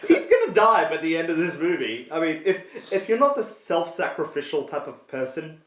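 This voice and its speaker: A man chatting through a film review on a podcast, his voice sitting a little high. He talks loosely, restarting sentences. The room around him is echoey. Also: huge pitch swings, normal speed, a bit bright. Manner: chatty, many restarts and laughs. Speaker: podcast co-host. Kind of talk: casual movie review chat.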